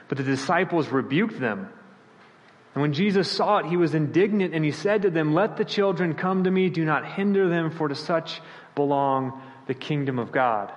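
A male pastor preaching a sermon, animated and storytelling, acting out the voices of the people he quotes. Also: big-room sound, poor audio. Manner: animated, acts out quoted voices with sudden pitch jumps.

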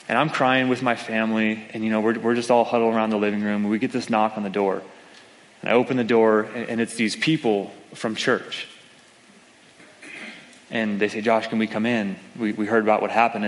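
A man preaching from a pulpit, telling his story and the scripture in an easy, conversational way. His voice sits at an ordinary middle pitch. A long reverb trails after his words in a large church hall. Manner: conversational storytelling with acted-out quotes. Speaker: pastor. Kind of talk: sermon.

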